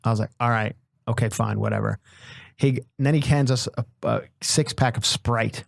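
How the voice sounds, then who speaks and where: A man's voice: mid-range voice, normal speed, gravelly, dry recording. Man, podcast host, casual comic storytelling, swears a lot, acts out voices, dry close sound. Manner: profane, animated comic storyteller who acts out the people in his story.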